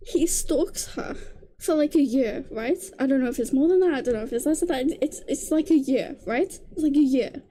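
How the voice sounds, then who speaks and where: A young woman vlogger ranting casually to camera, animated and exasperated, often breaking into laughter. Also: high-pitched, normal speed, a little hiss or hum. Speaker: book vlogger.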